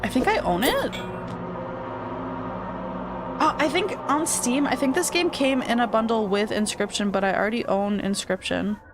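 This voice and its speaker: A fairly high-voiced woman chats casually through a gaming stream, rambling with plenty of fillers and the odd swear. She also reads the on-screen story text aloud. Game music plays clearly behind her. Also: normal speed, long pauses. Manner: loose and chatty, heavy on fillers and swearing.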